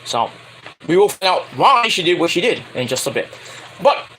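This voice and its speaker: High, animated man recapping wrestling. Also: moderate pace, slight background noise. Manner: rambling, profane, self-correcting. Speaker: wrestling show reviewer. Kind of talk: casual recap vlog.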